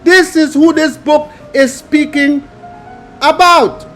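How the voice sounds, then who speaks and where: A man preaching, reading scripture aloud and adding emphatic commentary in a slow, drawn-out delivery. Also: extremely high pitch, fairly even intonation, fairly bright tone, soft background music.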